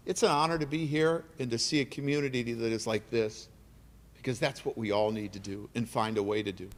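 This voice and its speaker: A middle-aged man giving an emotional, earnest keynote speech at an awards dinner, repeating phrases for emphasis. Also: medium pitch. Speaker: keynote speaker. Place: large banquet hall. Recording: reverberant banquet hall.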